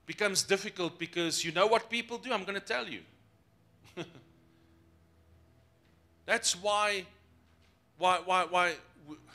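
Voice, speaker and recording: A man preaches a lively sermon. His voice sits high and sounds bright and forward. He jokes and slips into the voices of his congregation to make his points. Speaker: pastor.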